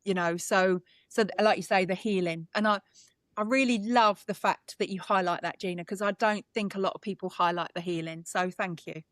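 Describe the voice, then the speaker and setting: This British woman is a psychic medium guest in a conversational interview, speaking earnestly and emotionally and often restarting her sentences. Her mid-range voice holds a steady tone, brisk and slightly bright, with no echo.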